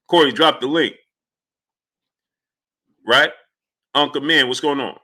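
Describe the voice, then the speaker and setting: Guy on a live stream calling out chat names, bright forceful voice, gets heated. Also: medium pitch, slow. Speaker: livestream host.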